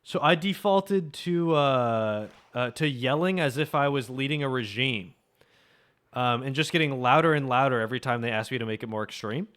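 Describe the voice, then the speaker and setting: A man's voice: medium pitch, normal speed, a bit bright, smooth. A young man streaming a game, chatting and joking casually with his viewers, swearing freely. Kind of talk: casual live-stream chat.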